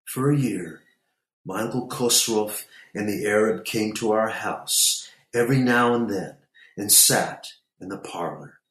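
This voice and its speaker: A man narrating a story in a measured, unhurried reading. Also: on the low side, a bit bright, reverberant.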